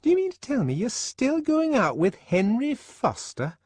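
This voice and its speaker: A man reading an audiobook, voicing a prim, gossiping young woman who scolds in a shrill, sing-song way. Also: huge pitch swings, unhurried, warm tone, slightly rough, dry recording, exaggerated voice. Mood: scolding.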